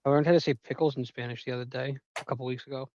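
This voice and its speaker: A man's voice: mid-range voice, little pitch movement, very fast, a little mellow, dull audio, slight background noise. A man in his thirties co-hosting a podcast, casual and joking, laughing and swearing as he tells stories. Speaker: podcast co-host. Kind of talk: casual chat.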